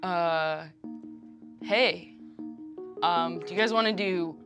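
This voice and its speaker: A woman playing a tabletop game in character, halting and fumbling. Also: lowish voice, music in the background. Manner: halting, fumbling, full of fillers. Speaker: player.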